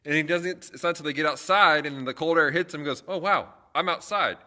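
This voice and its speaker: A man's voice: on the high side, fairly quick, bright, forceful tone. A young man, a youth pastor, chatting casually on a livestream and telling stories with lots of fillers and restarts.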